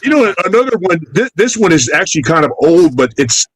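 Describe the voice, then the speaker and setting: Male guest on a stream, animated and profane, slightly high, dry. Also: a little fast, husky, no room sound, poor audio. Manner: animated, profane, mocks slang. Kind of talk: casual chat on a live stream.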